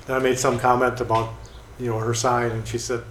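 A man's voice: mid-range voice, little pitch movement, fairly quick, a bit bright. A man casually telling stories about people he has met, with many fillers and restarts. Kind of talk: casual storytelling. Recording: echoey room with faint noise.

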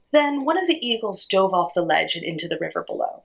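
A woman reading a children's story aloud, expressive and gently animated. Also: medium pitch, brisk, vocal fry, few pauses, breathy edge, low-quality recording.

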